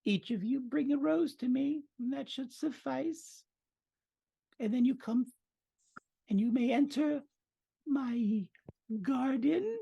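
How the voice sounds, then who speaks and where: A man voicing an old woman who lives in a cottage, with a sing-song, drawn-out manner. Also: extremely high pitch, gravelly, dark tone, husky, no room sound, lo-fi sound, voice pushed up, full character voice. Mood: sweetly inviting.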